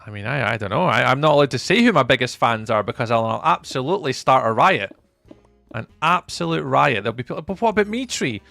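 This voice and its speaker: A man livestreaming a game, casually reading his chat aloud and chatting back, with sudden excited bursts. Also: mid-range voice, fast talker, gravelly, no room sound, soft background music.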